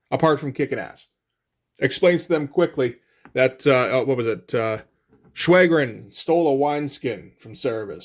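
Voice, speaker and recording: A man giving casual commentary on comic book pages, at an ordinary pitch for a man. He is laid back and profane, and fills his talk with "uh" and "like.". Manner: casual and profane, often says "uh" and "like".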